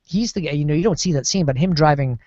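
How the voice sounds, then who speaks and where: A man on a TV discussion panel, rambling and animated as he talks through a series. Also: on the high side, fast talker, no room sound. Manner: rambling, lots of fillers and restarts, animated. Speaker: podcast panelist. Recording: dull lo-fi sound.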